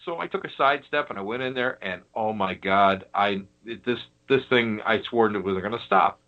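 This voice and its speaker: A man's voice: lowish voice, normal speed. A man from Western New York, a guest telling a funny story on a podcast, laughing as he goes. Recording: dull lo-fi audio.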